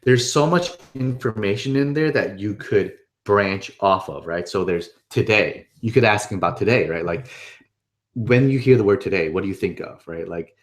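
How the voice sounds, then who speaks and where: This is casual instructional talk from a man hosting a webinar at a moderate pace, his voice on the low side. He stays upbeat and conversational, often asking "right?" to check in with the listener.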